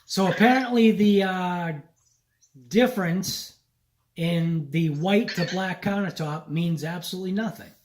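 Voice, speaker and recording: A man's voice: high-pitched, unhurried. A man vlogging at a home countertop, coaxing and chatting to a little robot as if it were a pet. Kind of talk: casual vlog, talking to a toy robot.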